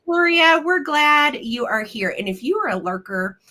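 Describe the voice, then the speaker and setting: Bright, lively woman host, a bit choked up. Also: sits high, moderate pace. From Missouri. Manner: chatty, greets viewers by name. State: slight cough, a little choked up. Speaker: live vintage sale host. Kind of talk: casual live-stream chat.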